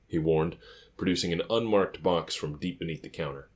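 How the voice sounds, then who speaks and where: Deep-voiced man narrating a story calmly. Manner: calm, measured, quiet. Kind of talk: first-person scripted story narration.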